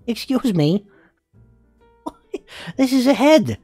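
A foul-mouthed, flamboyant male spider demon swears, giggles and coos, as a performer voices him. His pitch swings widely from line to line. The sound is dry and close, with faint music underneath. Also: big pitch swings, extremely slow, warm tone, dry recording, heavily acted. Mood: incredulous mocking. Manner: crude, swearing, giggly, doting. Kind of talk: comedic fan character voice reaction.

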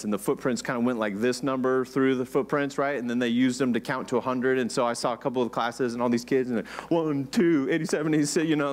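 A man preaching a conversational sermon, asking the congregation questions. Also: medium pitch. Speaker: pastor.

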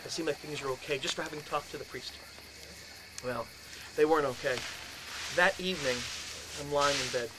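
Animated high-voiced man telling a ghost story. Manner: animated, acts out his own past voice with shouts and laughs. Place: lecture in a house. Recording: noisy room recording.

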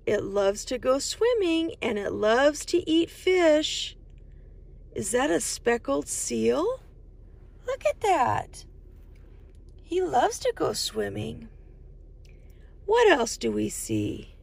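A children's storytime host reads a picture book aloud to young kids, going slowly in a sing-song voice and asking them lots of questions. Her voice is fairly high, very animated, and creaky.

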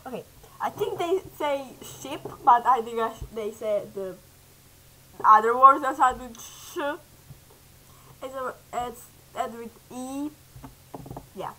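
A woman's voice: fairly high pitch, a little slow, pauses often, bright, forceful tone, slight background noise, rough recording. A woman reacting casually to a cartoon episode at home. She rambles and apologizes often, and she restarts her sentences a lot. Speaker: reaction video creator.

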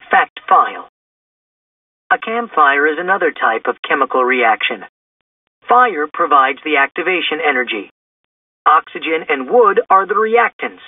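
A man reads a children's storybook aloud, slowly and with a lively, fairly high voice. The sound is husky, dry, and far from the mic, thin like a phone line. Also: dry recording. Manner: slow, expressive reading. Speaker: storybook reader. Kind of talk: children's book read-aloud. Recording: distant, tinny phone-like sound.

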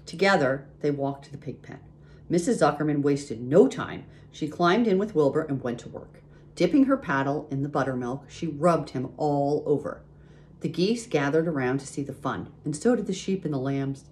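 A woman reading a children's book aloud, expressive and pausing to point out the pictures. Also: sits low. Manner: expressive, pauses to show pictures. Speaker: reader.

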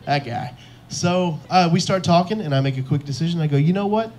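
His pitch is fairly high and his tone darkish, and he talks a little fast. The young man is doing stand-up in a club, telling stories at his own expense and acting out what others said.

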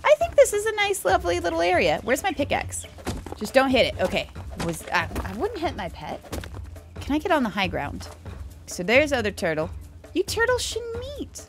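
A young woman giving casual let's play commentary, excitable, chatting to the animals and swearing, with sudden loud outbursts. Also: sits high, fairly quick. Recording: game music playing behind the voice.

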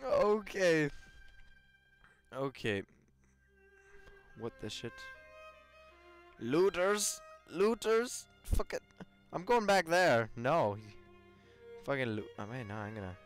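Excitable young man commenting on gameplay. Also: on the high side, slow, long pauses, faint music behind. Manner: loud, swearing, laughing outbursts, mock taunts. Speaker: gaming YouTuber. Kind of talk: excitable let's play commentary.

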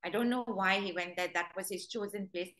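In a webinar talk, a woman dog trainer tells stories and acts out dogs' thoughts in quoted voices. She speaks briskly at a medium pitch with a slightly bright tone, on a low-quality recording.

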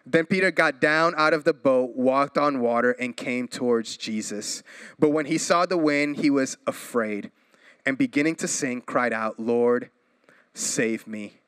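A pastor in his thirties from Florida, preaching a sermon with energetic swings in pitch and volume and playful asides. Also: moderate pace, clean tone, no echo.

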